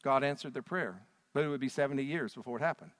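Dramatic preacher in a reverberant hall. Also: male voice, mid-range voice, fast. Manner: dramatic storytelling, acts out quotes with big swings in loudness. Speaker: pastor. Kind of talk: sermon.

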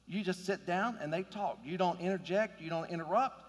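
A man's voice: high voice, brisk, in a large hall. A man preaching a sermon in an earnest, conversational way, building to emphatic points. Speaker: pastor.

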